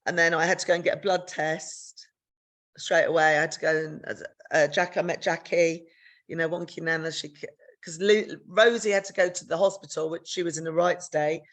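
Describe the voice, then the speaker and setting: A woman's voice: steady tone, moderate pace. Frank, candid woman telling her story. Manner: frank, swears freely, re-enacts dialogue with big pitch jumps. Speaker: podcast co-host sharing her story.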